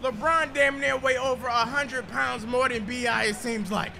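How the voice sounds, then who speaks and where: A man giving hyped gameplay commentary, shouting and trash-talking at the game. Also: very high voice, fairly even intonation, normal speed, vocal fry. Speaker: gaming video creator. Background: music.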